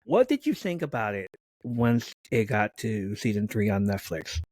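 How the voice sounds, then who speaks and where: A man's voice: fairly low pitch, moderate pace, dry recording. A man co-hosting a casual podcast chat, telling stories animatedly and acting out what friends said, with some swearing. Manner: animated storytelling, acts out quoted friends, swears. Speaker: podcast co-host.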